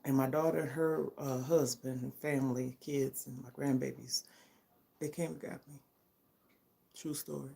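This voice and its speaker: A woman's voice: rumbling low, steady tone, moderate pace, vocal fry, warm tone. An older woman talking to her vlog audience in a heartfelt, emphatic way, often checking in with her listeners. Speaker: vlogger. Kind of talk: casual personal vlog chat.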